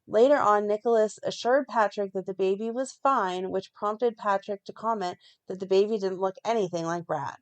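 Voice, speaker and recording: Woman reading thru a podcast recap, steady narration w little asides. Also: medium pitch, moderate pace, hardly any pauses. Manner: reads plot summary in a steady run, breaks off to comment. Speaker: podcast co-host recapping a soap.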